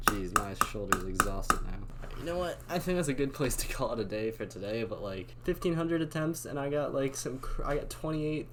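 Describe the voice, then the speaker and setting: A young man giving excitable, slangy commentary on his own gameplay and talking to himself as he plays. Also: mid-range voice. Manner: excitable, slangy, talks to himself while playing. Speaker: gaming channel host. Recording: loud clicking and keyboard noise. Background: constant mouse and keyboard clicks.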